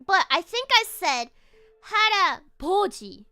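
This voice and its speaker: A woman's voice: high-pitched, big pitch swings, unhurried, bright, forceful tone, faint music behind. A young woman streamer telling a casual story while drawing, giggling often and restarting her phrases. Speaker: virtual streamer.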